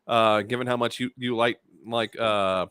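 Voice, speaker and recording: A man co-hosting a podcast, describing beer flavors in a casual, halting way full of restarts. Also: medium pitch, fairly even intonation, a bit bright, smooth, no room sound, clean studio sound. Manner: hesitant, lots of restarts and fillers, descriptive. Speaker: podcast co-host. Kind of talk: casual chat, beer review.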